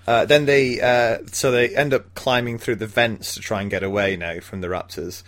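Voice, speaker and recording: Man, low-pitched voice, casual podcast recap, rambling, laughs a lot. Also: steady tone, normal speed, fairly bright tone. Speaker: podcast co-host. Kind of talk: casual film recap chat.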